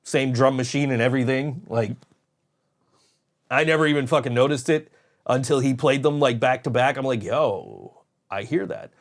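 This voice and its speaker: A man hosting a casual podcast, spinning loose stories with plenty of swearing. His voice sits at an ordinary middle pitch. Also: steady tone, moderate pace. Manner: rambling storyteller, frequent swearing and laughs. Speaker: podcast host. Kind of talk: casual chat.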